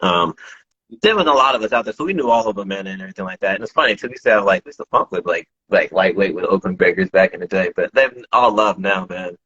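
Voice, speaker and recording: A man's voice: low-pitched, animated, fast, bright, forceful tone, husky, muffled recording. A man, a breakdancer, chatting casually in an interview, rambling with lots of restarts and slang. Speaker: breakdancer guest.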